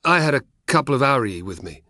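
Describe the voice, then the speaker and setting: A man's voice: medium pitch, big pitch swings, quick pace, pushed and bright, dry recording, clean studio sound, voice pushed up. A man reading an audiobook, voicing an uncomfortable young male companion who answers hesitantly. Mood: awkward. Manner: hesitant, awkward.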